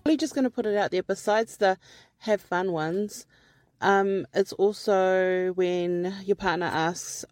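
Woman caller, mid pitch, dry close sound, teasing tone. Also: a little slow, darkish tone, no room sound, faint music behind. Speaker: listener leaving voice message. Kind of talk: casual chat.

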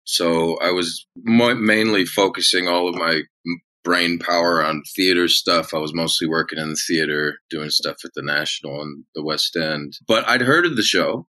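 A man's voice: sits low, normal speed, bright, forceful tone, low-quality recording. A male actor guest on a podcast, chatting casually and telling rambling anecdotes.

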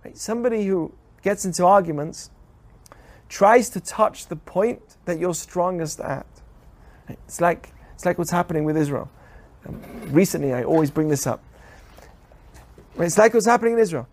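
A man, a rabbi, teaching a weekly Torah lesson on a podcast in an animated way, full of rhetorical questions. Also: high-pitched, moderate pace, long pauses.

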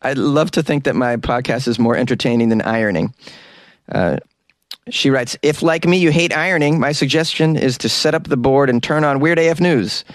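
A man's voice: mid-range voice, moderate pace, no room sound. Jokey American man, dry closet mic. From United States. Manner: jokey, self-deprecating, laughs often. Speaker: podcast host. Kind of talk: casual podcast outro, reading listener reviews. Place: small hot closet used as studio.

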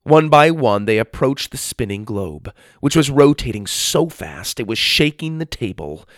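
A man narrating a children's adventure story in an expressive storytelling manner. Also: mid-range voice, a little slow, no echo, studio quality.

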